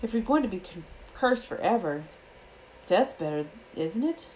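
A woman's voice: medium pitch, big pitch swings, normal speed, a little mellow, slight background noise, natural voice, low-quality recording. A woman reading aloud voices a young schoolboy wizard who asks earnest questions. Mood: wondering.

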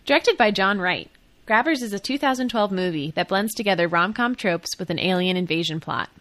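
A woman co-hosting a film podcast in casual chat, chatty and joking with quick asides. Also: mid-range voice, animated, a bit bright. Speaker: podcast co-host.

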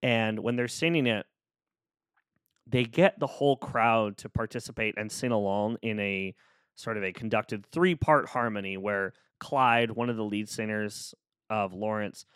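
A man's voice: lowish voice, a little slow, a bit bright, smooth, no room sound, studio quality. A man hosting a solo podcast, talking casually and cheering the listener on in a playful, upbeat way. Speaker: podcast host. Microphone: close studio microphone.

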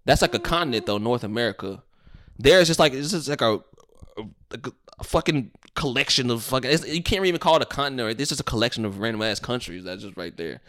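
A young adult man telling stories in a profane, animated way while co-hosting a casual podcast chat. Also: medium pitch, quick pace. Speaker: podcast co-host.

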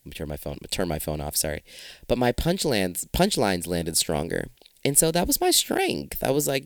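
A man in his late thirties hosting a solo podcast, talking in an animated, profane, joking way. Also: low-pitched, moderate pace, no echo. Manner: profane, animated, comedic storytelling. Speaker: podcast host.

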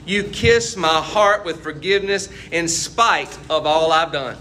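Man, pastor, conversational sermon, rhetorical questions, bright voice. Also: fairly high pitch, measured pace, a little hiss or hum.

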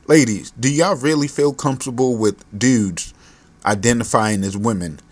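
A man's voice: mid-range voice, dry recording. A man hosting his own podcast, ranting on his own in a profane, exasperated, rambling way; he is a parent. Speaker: podcast host. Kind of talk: solo podcast rant.

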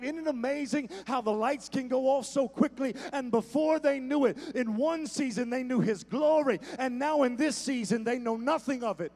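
A man preaching a sermon to a church congregation, repeating phrases for emphasis, with soft instrumental music underneath. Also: very high voice. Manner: emphatic call-and-repeat preaching, stammered repetitions. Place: church sanctuary.

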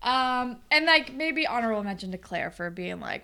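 A young woman talks through a TV episode in relaxed, gossipy chat. Her voice is bright and forceful, sitting a little high, and she swears and laughs freely as she goes. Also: moderate pace, creaky, clean tone. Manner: chatty, swears often, laughs a lot. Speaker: podcast co-host. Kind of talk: casual recap chat.

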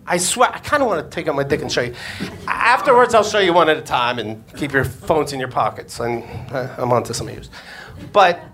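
A man's voice: a little high, expressive, brisk, fairly bright tone. A man, a comedian and podcast host, telling a crude story on stage before a live audience and acting out the voices he quotes.

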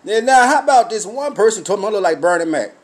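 A man's voice: sits high, lively intonation, quick pace. A middle-aged man hosting his own podcast, telling profane stories in a raw, casual monologue while drinking. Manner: profane storytelling, loud cackling laughs. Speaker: podcast host.

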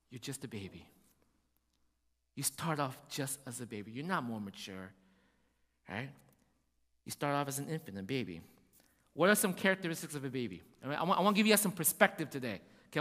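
Man preaching, high voice, lively swings in pitch, bright sound, long hall reverb. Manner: animated preaching, acts out voices, asks "right?" often. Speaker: pastor. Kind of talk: sermon.

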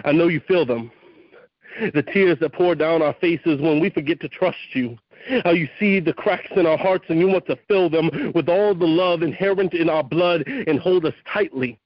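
A man performing spoken word poetry with a slow, rhythmic delivery and chanted refrains, then talking with the hosts. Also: a little high, no room sound. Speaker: open mic poet. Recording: dull lo-fi online radio stream.

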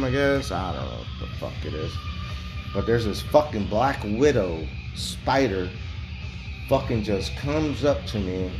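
A man in his forties talking candidly in a rambling monologue, blunt and heavily profane. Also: mid-range voice. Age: 40s.

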